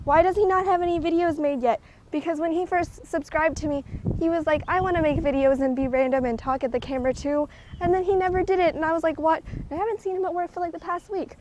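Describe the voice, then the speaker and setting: Her voice high-pitched, the young adult vlogger chats her way through an outdoor walk, short of breath and padding her rambling with fillers. She records on a handheld device fitted with a clip mic, and the audio is poor.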